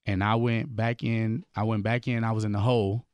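A man's voice: lowish voice, flat delivery, fairly quick, darkish tone, clear, resonant tone, dry recording. A man, a gospel hip-hop artist, earnestly telling his life story as a guest on a radio show. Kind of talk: radio interview, personal testimony. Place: radio studio.

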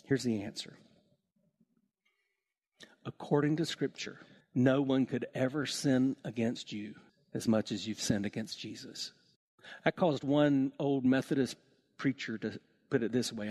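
A man preaching a sermon to his church, telling stories with lively acted-out voices. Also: a little slow. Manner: animated storytelling, acts out voices with big swings in pitch. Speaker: pastor.

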